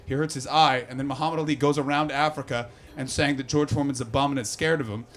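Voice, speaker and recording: This stand-up set features a man performing live on stage, swearing, animated and ribbing the audience. He has a medium-pitched voice and talks fast.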